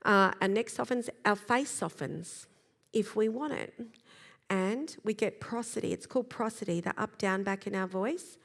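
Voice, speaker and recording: A woman giving a live talk about children's behaviour, explaining in a lively way and acting out little examples. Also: medium pitch, moderate pace, gravelly. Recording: long hall reverb.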